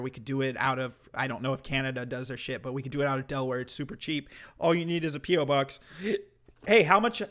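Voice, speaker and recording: A man's voice: on the high side, a bit bright. A man streaming commentary to his chat, ranting in a heated, mocking way with heavy swearing.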